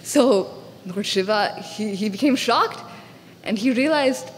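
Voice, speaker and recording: A woman telling a devotional story to a congregation, animated and acting out the characters. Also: mid-range voice, slow, long reverb tail, a little hiss or hum. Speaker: storyteller speaker. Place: temple hall.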